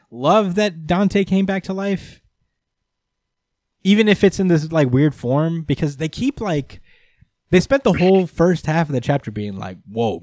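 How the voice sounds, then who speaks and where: A man's voice: a little high, a little mellow, no echo, studio quality. A man in casual chat, recapping a comic chapter, chatty and laughing often.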